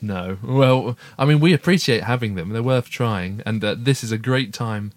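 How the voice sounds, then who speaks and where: A man's voice: medium pitch, normal speed, no echo. A middle-aged man hosting a homely podcast, chatty and cheerful as he works through listener messages. His voice sits mid-range and is recorded close and dry, with no room sound. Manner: chatty, upbeat, reads listener emails aloud. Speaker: podcast co-host, father. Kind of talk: casual family podcast chat.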